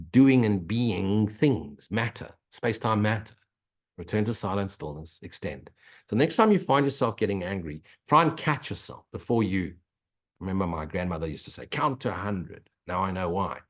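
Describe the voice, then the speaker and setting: An older man giving an earnest, preachy spiritual talk, answering questions and dropping in blunt swearing. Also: deep voice. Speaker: spiritual teacher. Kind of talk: spiritual Q&A monologue. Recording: dull lo-fi recording.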